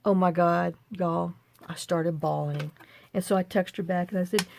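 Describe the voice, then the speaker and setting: A woman's voice: fairly low pitch, fairly even intonation, normal speed, creaky, a little mellow. An older woman hosting a chatty crafting tutorial, rambling and talking to herself as she works at a home craft table. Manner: rambling, chatty, talks to herself while working.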